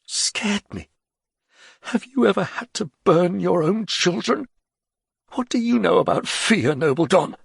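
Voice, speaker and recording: A man's voice: sits high, lively intonation, a little slow, vocal fry, slightly rough, dry recording, clean studio sound, pitched above the performer's own voice, full character voice. A man voicing a frightened, embittered court poet who speaks in an anxious, quavering way. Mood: bitter.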